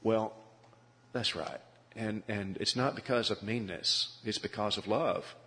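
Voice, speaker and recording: A man's voice: lowish voice, a little slow, a bit bright. A man preaching a sermon, earnest and pleading, often repeating his words. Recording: long hall reverb.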